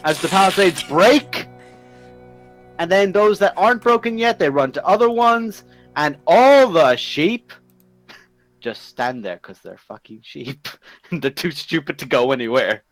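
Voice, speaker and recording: High-voiced game master. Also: male voice, measured pace, soft background music, low-quality recording. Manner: laughing, profane, animated storytelling. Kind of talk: narrating a tabletop game.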